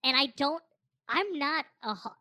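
A woman with a fairly high voice tells a story in a rambling, animated way, full of jokes and restarts. Her speech sounds close and dry, with no room around it. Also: a little slow, dry recording. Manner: rambling, animated, jokey, self-interrupting. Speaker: podcast co-host. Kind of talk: casual comedic storytelling.

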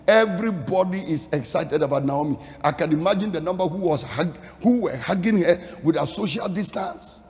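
A man preaching a sermon dramatically, dropping to a hush and then rising to sing-song shouts. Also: on the high side, moderate pace, few pauses, big-room sound.

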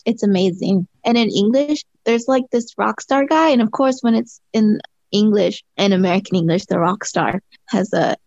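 A woman's voice: mid-range voice, normal speed, vocal fry, darkish tone, no room sound. A woman co-hosting a podcast in casual chat, rambling with lots of "like" and frequent laughs. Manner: rambling, heavy use of "like", laughs often. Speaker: podcast co-host. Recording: slightly dull lo-fi sound.

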